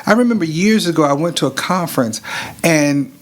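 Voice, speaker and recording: Earnest, higher-voiced man co-host. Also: expressive, brisk. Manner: earnest, explanatory, many fillers like "you know". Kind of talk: casual talk show conversation.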